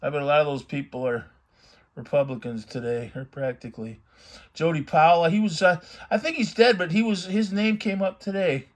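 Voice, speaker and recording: Middle-aged man, rambling, somewhat high voice. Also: moderate pace. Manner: rambling, reminiscing, thinking aloud. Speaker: vintage magazine collector channel host. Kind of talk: casual commentary while reading a magazine aloud.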